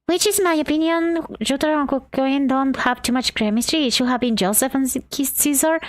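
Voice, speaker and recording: A woman's voice: sits high, fairly quick, dry recording, studio quality. A woman from Argentina streaming live while drawing, chatting in a bubbly way and greeting her chat.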